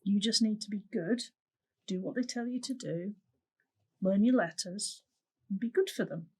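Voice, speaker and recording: A woman playing in an improvised tabletop game, speaking gently and reassuringly in character. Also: medium pitch, moderate pace, husky. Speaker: player. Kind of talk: improvised tabletop role-play.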